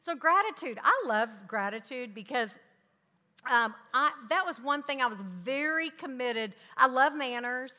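A middle-aged woman speaking to parents, telling family stories with animated energy and acting out her children's voices. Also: high voice, a little slow. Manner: animated storytelling, acts out her kids' voices. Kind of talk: talk to parents with anecdotes. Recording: long hall reverb.

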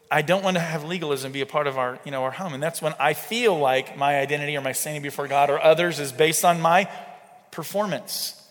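A man's voice: on the high side, fairly bright tone. A middle-aged man preaching in a conversational, emphatic way with frequent rhetorical asides. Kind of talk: sermon-style teaching. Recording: long hall reverb.

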